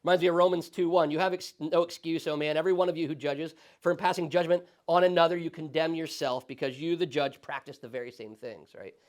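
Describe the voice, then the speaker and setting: A male pastor teaching a Sunday school Bible study in a conversational, animated way, often checking in with the class. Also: fairly high pitch, quick pace, few pauses. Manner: conversational, animated, frequent tag questions.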